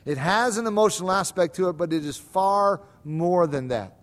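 High-voiced man preaching emphatically. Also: normal speed. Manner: emphatic preaching, swings between soft and loud; repeats words for stress. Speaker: pastor. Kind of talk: sermon.

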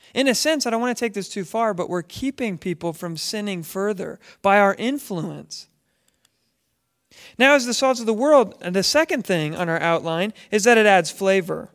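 A man teaching a Bible lesson as a conversational sermon, asking his listeners questions as he goes. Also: high voice. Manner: conversational, asks the audience questions. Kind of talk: sermon to a congregation.

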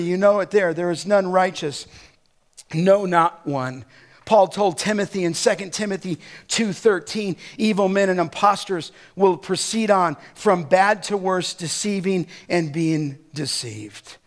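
A middle-aged man preaching a sermon as a pastor, slowing down to stress scripture and rising to near-shouts on key points. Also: sits high.

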